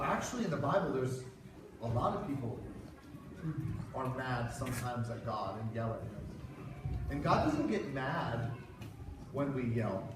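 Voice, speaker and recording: A man telling a Bible story to children as a children's pastor, acting out each character's lines. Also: a little high. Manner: animated, acts out the voices in the story. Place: church hall. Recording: echoey hall, far from the mic, with background noise.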